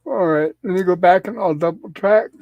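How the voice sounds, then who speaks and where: A high-pitched man hosting a casual live stream, his voice sounding a little weak. He talks in an easygoing, jokey way with his co-hosts. The sound is dry and close. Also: normal speed, darkish tone, no echo, lo-fi sound. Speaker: livestream host. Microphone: remote call on a streaming panel.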